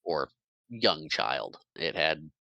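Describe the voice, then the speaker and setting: A man's voice: very deep voice, big pitch swings, takes it slowly, vocal fry, bright, forceful tone, dry recording, muffled recording. A man co-hosting a podcast, retelling a film scene by scene in casual chat, with frequent restarts and small laughs. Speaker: podcast co-host. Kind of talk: casual movie recap chat.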